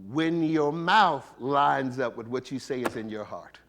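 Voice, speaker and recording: A man's voice: mid-range voice, a little slow, fairly bright tone, slight background noise. A man preaching a sermon as a bishop, conversational and playful, asking the congregation rhetorical questions and laughing between points, with features.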